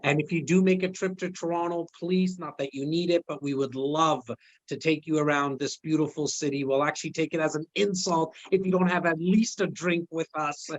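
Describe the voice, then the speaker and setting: A man's voice: on the high side, fairly even intonation, fairly quick, no room sound. A man hosting a podcast interview, friendly and appreciative, with light jokes. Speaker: podcast host. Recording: dull lo-fi sound, dry.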